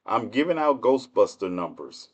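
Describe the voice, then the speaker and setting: A man's voice: lowish voice, big pitch swings, moderate pace, husky. A man hosting a livestream with casual political commentary, speaking in with a mocking, laughing, rhetorical manner. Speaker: livestream host.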